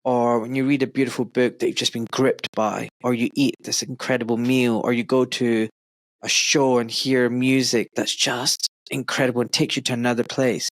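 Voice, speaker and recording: A man's voice: medium pitch, little pitch movement, normal speed, no room sound. A middle-aged man from Glasgow with a Scottish accent, hosting a podcast and speaking earnestly and effusively, rambling with fillers. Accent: Glaswegian Scottish. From Scotland. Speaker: podcast host. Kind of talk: warm conversational interview.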